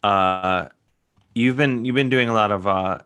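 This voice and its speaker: Male host, fairly low voice, stop-start delivery, laid-back interviewer. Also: a little slow, fairly bright tone, clean tone. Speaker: show host. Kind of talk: casual chat.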